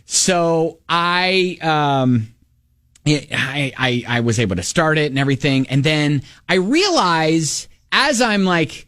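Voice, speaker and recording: A man's voice: on the high side, lively intonation, slow, fairly bright tone, dry recording, studio quality. A middle-aged man co-hosting a radio show, telling a self-mocking story and acting out his own lines in a casual chat.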